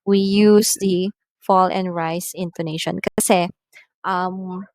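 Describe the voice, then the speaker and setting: A woman's voice: on the low side, steady tone, slow, darkish tone, no room sound. A woman, an English teacher explaining patiently and reading out example sentences in a recorded lesson.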